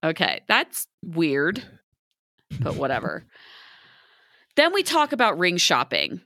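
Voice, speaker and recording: Lively, bright-voiced woman podcaster. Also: lowish voice, slow, dry recording, clean studio sound. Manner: chatty, giggly, filler-heavy. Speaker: podcast co-host. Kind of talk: casual recap chat.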